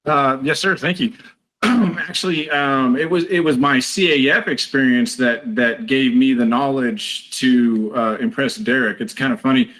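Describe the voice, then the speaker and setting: A man's voice: medium pitch, unhurried, a bit bright, poor audio. Chatty man telling an anecdote. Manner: chatty anecdotal storytelling, acting out quotes. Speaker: guest, retired Marine. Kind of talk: interview storytelling.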